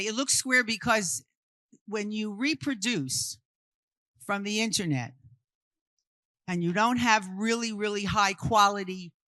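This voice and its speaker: In a live, interactive art history session, a Brooklyn, New York woman quizzes her audience and then supplies the answers. She has a mid-range, slightly bright voice, and there's no room sound.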